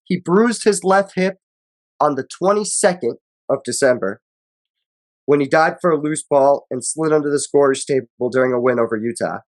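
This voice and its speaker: A man's voice: a little high, normal speed. A man co-hosting a casual sports podcast, reading stats and quotes aloud in a loose, profane way. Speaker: podcast co-host.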